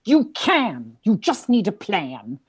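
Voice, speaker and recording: A woman's voice: mid-range voice, huge pitch swings, takes it slowly, husky, no echo, heavily acted. A woman reading the role of a playful British man who teases and plays with words, over a video call. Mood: teasing. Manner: teasing, wordplay, grand flourishes. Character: playful British man, teasing would-be poet.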